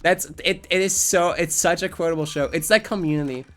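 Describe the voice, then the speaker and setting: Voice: medium pitch, a little fast, a bit bright. A Twitch streamer giving casual live gameplay commentary, rambling and joking with plenty of swearing.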